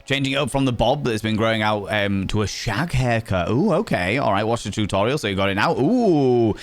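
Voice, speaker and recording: Yorkshire male streamer, low register, cheeky banter with chat, soft music bed. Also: expressive, a little fast. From England. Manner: playful, teasing, greets viewers as cheeky devils. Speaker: livestream host. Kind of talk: casual chat reading viewer messages.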